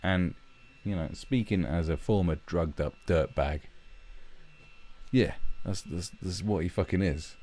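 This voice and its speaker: Low-pitched and mellow, this livestream host speaks a little slowly while ranting bluntly and mockingly. His casual commentary is full of swearing.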